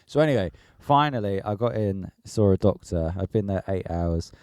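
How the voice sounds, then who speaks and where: Brief: male podcast co-host, low mellow voice, dry close sound, animated sweary storyteller. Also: moderate pace, smooth, no echo. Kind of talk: casual storytelling chat.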